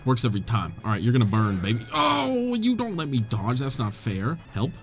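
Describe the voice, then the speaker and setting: A man giving excitable, joking gameplay commentary, laughing often and talking to the characters on screen. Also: medium pitch, moderate pace, soft background music. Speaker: gamer.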